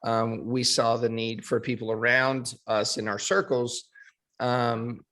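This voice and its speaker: Guest: man of middle pitch, a dentist, talks in a measured way with frequent fillers. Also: level tone, a bit bright. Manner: measured, with many fillers and restarts. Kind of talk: interview.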